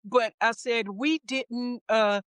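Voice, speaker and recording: A middle-aged woman guest in an interview, telling stories about her career with a lively manner. She laughs easily and acts out what others said. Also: a little high, slow pace, clean tone, dry recording. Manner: lively anecdotes, acts out quoted voices. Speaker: interview guest, wardrobe supervisor. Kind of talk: casual storytelling interview.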